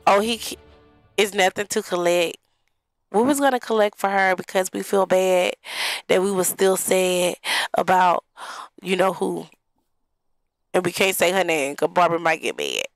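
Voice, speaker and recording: A woman's voice: fairly low pitch, expressive, a little slow, long pauses, no echo, low-quality recording. A young woman giving casual gameplay commentary in a life-sim game, chatty and talking straight to her viewers. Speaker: gaming vlogger.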